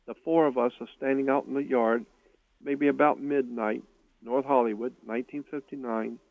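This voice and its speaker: An older man telling a personal story in an interview, speaking earnestly with halting starts and repeated words. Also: mid-range voice, steady tone, dry recording. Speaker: guest recounting a personal experience. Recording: tinny phone line, dry.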